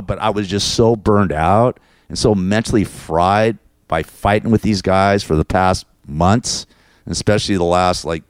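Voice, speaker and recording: A man's voice: sits low, smooth, no room sound, studio quality. A man hosting his own show, venting in a rambling, repetitive, frustrated monologue. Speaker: show host.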